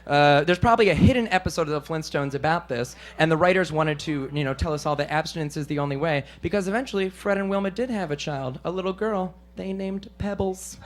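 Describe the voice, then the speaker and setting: A male stand-up comedian performing for a live club audience, animated and self-deprecating, often slipping into silly voices. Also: a little high, brisk, few pauses.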